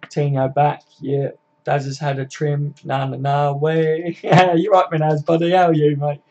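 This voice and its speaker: A man's voice: fairly high pitch, flat delivery, moderate pace, a little mellow, lo-fi sound. A man hosting a casual live football chat, reading and answering viewer comments by name, swearing freely and laughing often. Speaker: livestream host.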